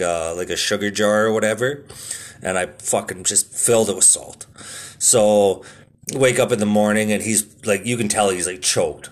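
A man in his thirties with a fairly low voice rambles through casual stories. He swears constantly and fills his talk with "like" and "you know". His delivery is easygoing and unpolished. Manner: laid-back, swears a lot, lots of filler words. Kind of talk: casual monologue.

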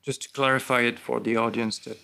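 A man's voice: medium pitch, level tone, a little fast, gravelly, bright, forceful tone. A man in a casual podcast conversation, asking probing questions to clarify points.

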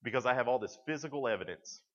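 A young male youth speaker talks to junior high students in a loose, storytelling way, often restarting his sentences. His voice sits at a middle pitch for a man. The recording sounds dull and slightly lo-fi. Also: lively intonation, fast talker, a bit bright, in a large hall. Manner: conversational storytelling with frequent restarts.

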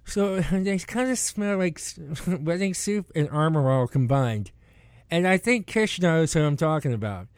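In a casual podcast chat, a man with a slightly high voice and lively intonation tells meandering tales from his rideshare driving, laughing and voicing his passengers' lines with frequent restarts. The sound is clear, resonant, studio quality and echo-free, and he takes his time.

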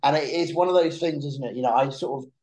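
A man's voice: fairly high pitch, fast, low-quality recording. A young man telling a long story in a casual chat, restarting and repeating words as he goes. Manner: animated storyteller who repeats words when starting sentences. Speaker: podcast guest.

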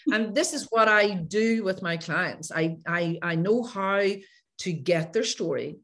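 A woman's voice: fairly low pitch, measured pace, fairly bright tone. A woman coach, a podcast guest telling her own stories with animation and acting out past conversations. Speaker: guest, coach who works with clients. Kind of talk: podcast interview storytelling.

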